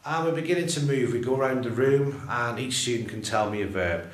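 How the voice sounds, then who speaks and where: A man explaining how he teaches English verb tenses, talking slowly and deliberately and drawing out his example phrases. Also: medium pitch. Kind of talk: teacher training walkthrough. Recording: roomy echo, voice far from the mic.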